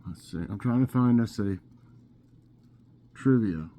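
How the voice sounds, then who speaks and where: A man hosting a casual vlog, reading trivia questions aloud and thinking out loud with fillers. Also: fairly low pitch, a little slow. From Scotland. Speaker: vlog host.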